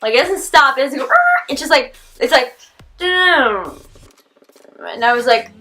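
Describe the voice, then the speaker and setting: A teenage girl vlogger telling a story casually, rambling with lots of "like" and animated quoted reactions. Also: high-pitched, slow, soft background music. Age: teens. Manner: animated, rambling, heavy use of "like".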